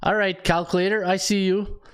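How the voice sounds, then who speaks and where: Excitable rambling man hosting a podcast. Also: high voice, normal speed, smooth. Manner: rambling and excitable, laughing at his own lines; ranting, with many restarts. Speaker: sports betting podcast host. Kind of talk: casual sports betting chat.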